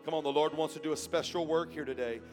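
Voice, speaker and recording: A man with a high voice preaches a sermon in church. He starts quiet and halting, then climbs to loud, shouting emphasis. A faint instrument plays softly behind him. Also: fairly even intonation, over music.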